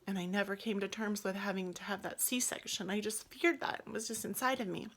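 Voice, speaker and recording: A woman's voice: medium pitch, fairly even intonation, fairly quick, few pauses, a bit bright. A woman casually telling her own story in a vlog, emotional and often dropping to a near-whisper. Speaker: yoga vlogger telling her birth story.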